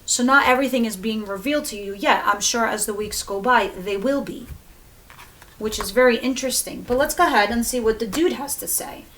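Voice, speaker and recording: Chatty tarot reader woman, fairly high voice. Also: fairly quick, fairly bright tone, a little hiss or hum. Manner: chatty, swears freely, laughs at the cards. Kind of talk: casual tarot reading.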